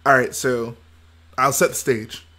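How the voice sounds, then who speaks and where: A man's voice: medium pitch, little pitch movement, a little slow, pushed and bright. A man hosting a casual livestream, reading chat aloud, laughing often and trying out movie-quote impressions. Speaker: livestream host.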